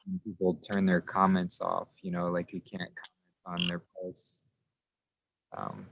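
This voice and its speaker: A man with a very deep voice chatting casually and easily, using plenty of fillers. He is outdoors in a forest. Faint crickets and insects sound behind him. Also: monotone, unhurried, vocal fry, fairly bright tone, a little hiss or hum, rough recording. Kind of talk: casual chat.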